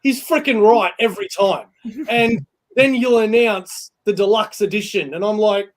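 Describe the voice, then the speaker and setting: A man hosting a casual chat, telling stories in an animated way and laughing often. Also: sits high, normal speed. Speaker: host.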